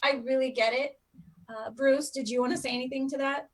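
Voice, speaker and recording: Woman hosting a live stream, kinda high voice, earnest and heartfelt, talking right to viewers. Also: fairly even intonation, a little fast. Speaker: live stream host on foster care. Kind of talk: casual live-stream chat.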